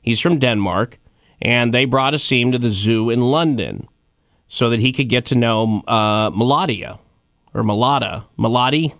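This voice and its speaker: A man in his thirties hosts a loose, joking talk about strange news, rambling through fillers and asides. His pitch sits in a middling range. The sound is dry and close, with no room around it. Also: a little slow, fairly bright tone, no room sound. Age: 30s. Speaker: host. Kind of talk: casual comedic news chat.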